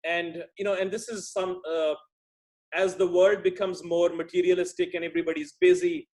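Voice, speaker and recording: A middle-aged man from India gives a conversational talk as a guest speaker. His voice sits fairly high for a man. He speaks thoughtfully and often restarts his sentences. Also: flat delivery, normal speed, darkish tone. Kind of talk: talk on workplace relationships.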